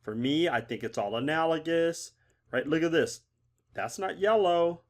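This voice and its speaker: A man's voice: fairly high pitch, animated, measured pace. A middle-aged man giving a casual art lesson on color, talking conversationally and often checking in with "right?". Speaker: art instructor.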